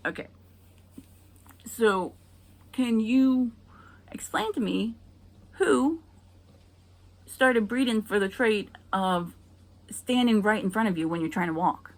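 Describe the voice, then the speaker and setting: A woman's voice: a little high, lively intonation, takes it slowly, long pauses. A woman performing a stand-up comedy set, talking in a hesitant way full of ums before landing dry punchlines. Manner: hesitant, filler-heavy delivery with dry punchlines.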